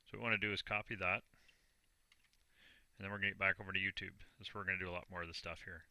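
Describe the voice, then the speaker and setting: A low-voiced Canadian man narrates a screen-recorded tutorial step by step, plainly and with a self-deprecating streak. His tone is bright and forceful, and the recording is dry and close with no room sound. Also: level tone, racing, clean tone, no room sound. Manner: plain, self-deprecating, talks through each click. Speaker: online business vlogger.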